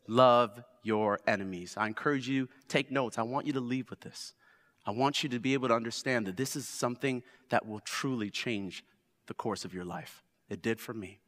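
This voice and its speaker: A man in his thirties preaching a sermon, swinging from loud exhortation to hushed storytelling. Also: on the high side. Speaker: pastor. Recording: long reverb of a large hall.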